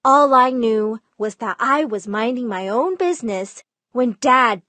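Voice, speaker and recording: A woman's voice: on the high side, expressive, takes it slowly, fairly bright tone, dry recording. Dramatic woman telling a storytime. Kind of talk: first-person storytime narration.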